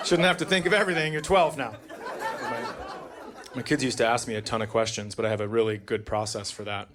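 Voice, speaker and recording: A man doing stand-up comedy on stage, profane and sardonic, with dry deadpan asides. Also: medium pitch, fairly quick, crowd noise, noisy background. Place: comedy stage before a live audience. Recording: live audience laughter throughout.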